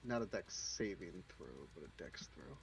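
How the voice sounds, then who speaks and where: A man's voice: low voice, lively intonation, normal speed, creaky. A man playing a tabletop game, casually reading out his rolls and moves. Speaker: player. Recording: distant mic with faint noise.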